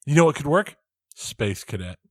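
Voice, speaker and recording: A man's voice: on the high side, sing-song, moderate pace, no room sound, studio quality. A man co-hosting a casual podcast, skeptical and firing off pointed questions. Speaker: podcast co-host.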